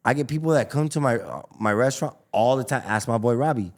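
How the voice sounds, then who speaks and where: A man, a taco restaurant owner telling stories as a guest in a casual podcast interview, animated and full of slang. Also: mid-range voice, quick pace, hardly any pauses. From Los Angeles. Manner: animated storyteller, slangy, acts out dialogue.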